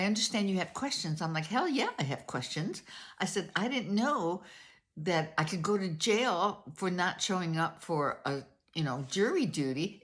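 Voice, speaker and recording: A woman's voice: on the low side, fairly bright tone. An older woman vlogger casually telling a story, retelling a phone conversation and quoting each side in turn.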